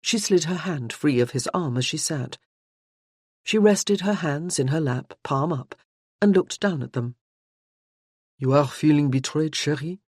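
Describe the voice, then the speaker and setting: An audiobook narrator reading a novel in a measured, even storytelling manner. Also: medium pitch, slightly rough, no echo, studio quality. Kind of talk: scripted narration.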